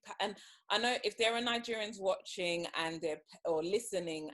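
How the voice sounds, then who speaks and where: Hesitant lower-voiced woman podcast host. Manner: hesitant, restarts often, speaks carefully. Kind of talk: casual chat.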